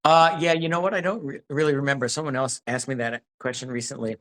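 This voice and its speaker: A man's voice: medium pitch, fairly even intonation, fast talker, fairly bright tone. A man being interviewed about his acting work, talking casually and rambling with many restarts. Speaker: actor, interview guest.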